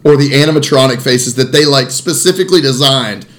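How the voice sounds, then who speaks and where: A man's voice: medium pitch, fairly quick. A man co-hosting a casual movie podcast, crude and joking, laughing a lot. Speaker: podcast co-host.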